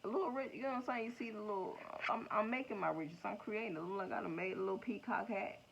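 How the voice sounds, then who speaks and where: A woman giving a casual tarot reading to her viewers, slangy, profane and excitable, laughing often. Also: medium pitch, fast, gravelly. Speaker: tarot reader. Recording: dull lo-fi sound with faint noise.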